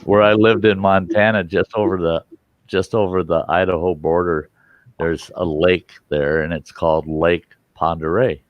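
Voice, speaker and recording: A man's voice: deep voice, steady tone, moderate pace, dry recording, lo-fi sound. A man chatting casually on a live stream, telling folksy stories and laughing often.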